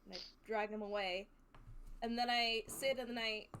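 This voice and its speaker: A woman's voice: a little high, moderate pace, a little hiss or hum. A woman playing a tabletop role-playing game, chatty and full of fillers. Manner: chatty, filler-heavy, animated. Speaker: player. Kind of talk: casual tabletop role-play.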